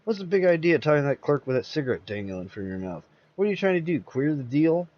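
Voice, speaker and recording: A man voicing a gruff, scheming male sidekick swindler, impatient and snappish. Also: on the high side, big pitch swings, fairly quick, highs cut off, pitched above the performer's own voice.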